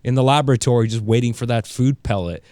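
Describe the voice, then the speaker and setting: A man co-hosting a casual podcast discussion who talks in a thoughtful, halting way and often restarts his words. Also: mid-range voice, dark tone, no echo, clean studio sound. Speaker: podcast co-host.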